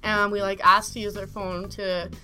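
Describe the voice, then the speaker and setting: A woman's voice: mid-range voice, little pitch movement, moderate pace, sharp tone, faint music behind. A young woman telling a story in casual podcast chat, rambling, saying "like" a lot and laughing often. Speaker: guest storyteller.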